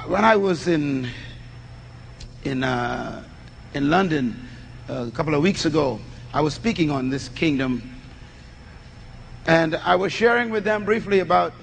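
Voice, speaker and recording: A man's voice: on the high side, unhurried, gravelly, pauses often, fairly bright tone, in a large hall, slight background noise. A man preaching a teaching sermon, reading scripture aloud, then posing questions and answering them himself. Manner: reads scripture aloud and explains it.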